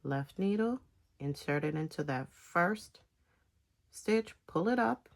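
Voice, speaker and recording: A woman giving a casual step-by-step knitting tutorial, talking in halting phrases with pauses between them. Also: lowish voice, expressive, gravelly. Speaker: knitting instructor.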